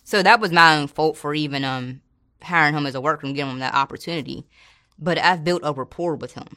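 Low-voiced woman telling a story casually. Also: fast talker, sharp tone. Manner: colloquial, acts out quoted people. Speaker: former corrections officer.

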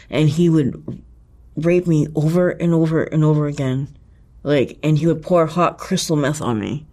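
A man recounting a personal ordeal in conversation, talking in an intense, profane and halting way, with many restarts and emphatic repetitions. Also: on the high side, a little mellow. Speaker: interviewee.

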